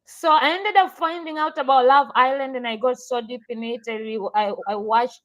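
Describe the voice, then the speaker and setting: A woman co-hosting a casual podcast chat, animated and slangy, swearing casually. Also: high-pitched, moderate pace, low-quality recording.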